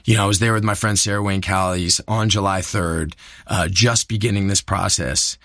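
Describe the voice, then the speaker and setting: A man with a fairly low voice speaks in a candid interview, earnest and searching, stumbling over repeated words before he lands his thought. The sound is close and dry, with no room around it. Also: steady tone, fairly bright tone, no echo. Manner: earnest, halting, many restarts and repeated words. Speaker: actor, guest.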